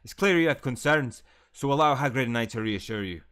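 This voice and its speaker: A man reading aloud as an older male magic professor who keeps creatures, in a loud, emphatic put-on accent. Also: mid-range voice, fairly quick, lightly acted. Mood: reassuring.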